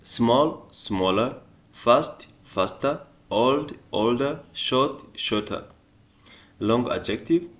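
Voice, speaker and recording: A man teaching a beginner English grammar lesson, going step by step and repeating each example word with extra stress. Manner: slow and deliberate, repeating example words; stresses example words louder and higher.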